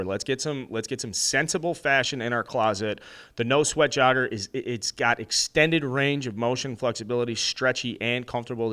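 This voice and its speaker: A man's voice: lowish voice, a bit bright, clear, resonant tone. Chatty American guy rambling. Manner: loose and rambling, lots of fillers. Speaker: podcast co-host. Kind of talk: casual sports chat with host-read ad.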